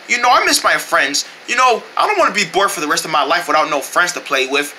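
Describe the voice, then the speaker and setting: This amateur performer acts out a homemade kids' cartoon in a very bright, sharp voice that leaps around in pitch. The delivery is slangy and casual, broken up by over-the-top shouts and gasps as the characters react. A faint hiss runs underneath. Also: animated, fast talker, hardly any pauses.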